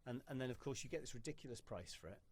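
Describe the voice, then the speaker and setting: A man hosting a podcast who tells stories in an animated way and swears freely in casual conversation. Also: mid-range voice, very fast. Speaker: podcast host.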